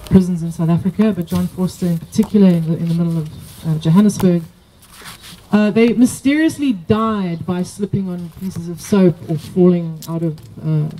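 A woman moderating a poetry workshop, explaining in a hesitant way with many pauses and fillers. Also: lowish voice, mellow, slight background noise, poor audio. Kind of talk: academic discussion. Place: workshop room.

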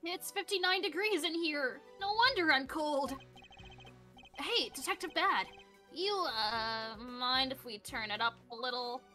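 Brief: woman playing a goofy young male trainee lawyer, high, bright and bubbly. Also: lively intonation, measured pace, soft background music, heavily acted. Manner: bubbly, playful, joking. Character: eager, goofy young male assistant attorney. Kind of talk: fan dub of a game.

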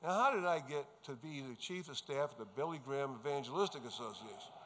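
A man's voice: mid-range voice, lively intonation, quick pace, noisy background. A man from New York giving an earnest, emphatic testimony speech to a gathering of pastors, telling his story as he goes. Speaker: conference speaker. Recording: reverberant hall sound.

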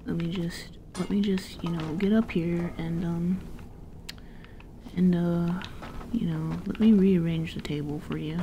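A woman's voice: lowish voice, steady tone, a little slow, dull audio, noisy background. A woman streamer giving casual, playful commentary while playing a game, giggling and swearing freely. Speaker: gameplay streamer.

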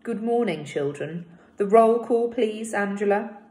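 A woman voicing an old male village schoolteacher in a read-aloud story, speaking clearly, measured and kind. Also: medium pitch, animated, mellow, natural voice. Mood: kindly firm. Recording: roomy echo.

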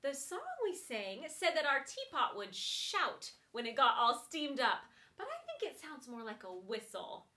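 Woman, music teacher, preschool lesson, high bright voice, very lively sing-song. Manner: gentle, slow and sing-song, addressing toddlers.

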